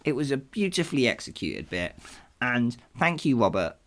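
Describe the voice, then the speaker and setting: A man hosting a podcast, talking casually about past episodes in an animated, self-deprecating way and laughing at himself. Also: medium pitch, moderate pace. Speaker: podcast host. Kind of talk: casual retrospective chat.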